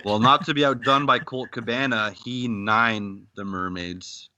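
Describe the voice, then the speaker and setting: Man from Canada, podcast co-host, very bright tone, dry lo-fi sound, casual recap. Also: medium pitch, fairly even intonation, measured pace, smooth, no room sound. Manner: retells scenes with quoted lines, laughing often.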